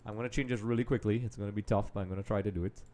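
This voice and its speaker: A man hosting a live football watch-along, chatting straight to viewers and often dropping into quiet mutters while he multitasks. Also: on the low side, steady tone, racing. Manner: distracted, multitasking while commenting; trails off into quiet mutters and restarts. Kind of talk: casual live match commentary.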